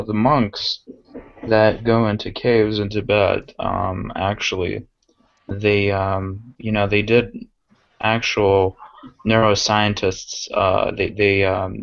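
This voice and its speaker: A man with a low, gravelly voice talks in a halting, casual way, full of fillers and restarts. His tone stays flat, and the recording sounds dry and muffled. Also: no echo. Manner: hesitant, many fillers and restarts. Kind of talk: casual conversation.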